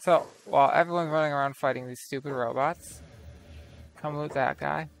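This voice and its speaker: A man's voice: fairly high pitch, fairly even intonation, normal speed, vocal fry, a little hiss or hum. A man giving casual, profane, incredulous let's play commentary over his game. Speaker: gaming video creator.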